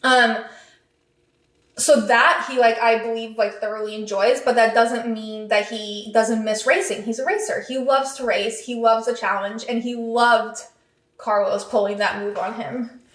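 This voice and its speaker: A woman hosting a podcast, giving an excitable, chatty recap full of "like" and "um". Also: fairly high pitch, unhurried, reverberant, rough recording. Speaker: podcast host. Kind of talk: casual race recap.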